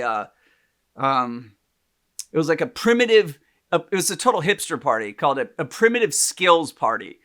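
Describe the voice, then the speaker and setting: A man's voice: a little high, pushed and bright. A man co-hosting a podcast, telling a story in casual chat with lots of laughs and restarts. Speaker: podcast co-host, psychologist.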